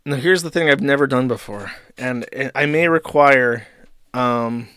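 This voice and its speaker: A man's voice: medium pitch, a little slow, a bit bright, smooth, no room sound. A man hosting a live stream, giving casual, rambling and profane commentary into a close microphone. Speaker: streamer host.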